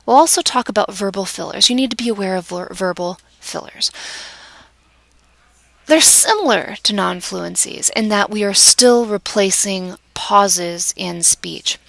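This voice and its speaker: A woman giving a lecture on vocal delivery in a measured, explanatory way, sometimes restarting a phrase. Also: mid-range voice, vocal fry, fairly bright tone, dry recording, rough recording. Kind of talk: recorded lecture.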